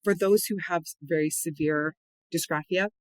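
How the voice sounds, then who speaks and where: A man with a fairly high voice explains a spelling method as a reading tutor. He talks patiently and slows right down to spell out each letter. The recording is dry, with no room echo. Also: fairly even intonation. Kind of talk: instructional explanation. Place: at home or office, on camera.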